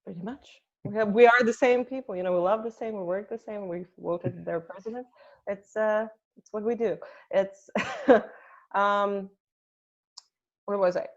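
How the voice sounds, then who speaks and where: Russian woman comic, guest in a casual interview, blunt and profane, mid-pitched voice, dull lo-fi audio. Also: unhurried, long pauses. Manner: blunt, swears freely, laughs between points. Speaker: comedian guest.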